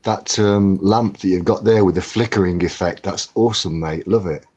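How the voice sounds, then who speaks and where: A man's voice: sits low, darkish tone, husky. A man co-hosting a casual live stream from home over a computer mic, joking and laughing as he chats. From England. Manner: jokey, laughs often, slow chatty delivery. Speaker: co-host.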